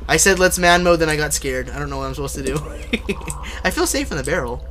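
A young man livestreaming a horror game, chatting casually with viewers, joking and shouting when startled. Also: a little high, animated, brisk, a little hiss or hum. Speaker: livestreaming gamer. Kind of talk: casual live gameplay commentary.

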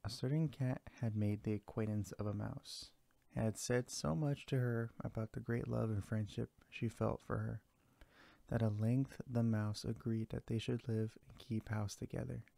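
A man narrating a fairy tale aloud in a steady, unhurried storytelling manner. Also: lowish voice, vocal fry, no echo.

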